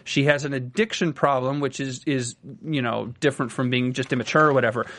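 A young man co-hosting a casual reality-TV recap chat, animated and teasing, often restarting his words. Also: mid-range voice. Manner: animated, quick to joke and tease, restarts words. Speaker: podcast co-host.

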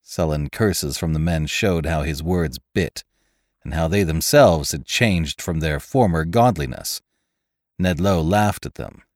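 A man reading a classic adventure tale aloud as narrator, measured and expressive. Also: extremely low pitch, no room sound, studio quality. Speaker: podcast narrator. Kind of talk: scripted audiobook narration.

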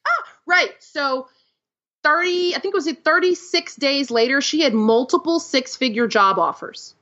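A woman life coach, a guest on an interview podcast, telling client stories in an animated way. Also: high-pitched, a little slow, dull audio. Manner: animated storytelling, acts out client quotes.

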